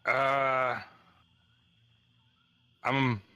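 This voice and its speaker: A man's voice: mid-range voice, flat delivery, very slow, pushed and bright, slight background noise. A man playing a tabletop game who speaks hesitantly, as if unsure. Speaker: player. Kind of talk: casual tabletop game chat.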